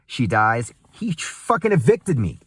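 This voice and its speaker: A man's voice: mid-range voice, wildly swooping pitch, unhurried, husky, no room sound, studio quality. A young man in a casual, angry, profane rant, laughing bitterly and swinging between muttering and a raised voice.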